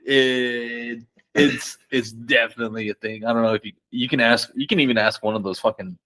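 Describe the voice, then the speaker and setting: A man's voice: medium pitch, moderate pace, no echo, poor audio. Young man telling stories, casual. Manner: excited, swearing, laughs often, acts out quotes loudly. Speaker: podcast guest. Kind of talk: casual storytelling.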